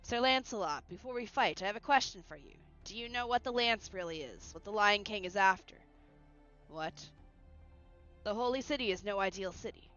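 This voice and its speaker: A woman voicing a calm, loyal male knight who speaks in a measured, grave way. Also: medium pitch, lo-fi sound, faint music behind, natural voice.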